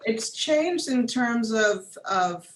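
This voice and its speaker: A woman being interviewed as a guest artist, speaking thoughtfully with frequent pauses and fillers over a video call. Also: fairly high pitch, expressive, roomy sound, background noise. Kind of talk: conversational interview.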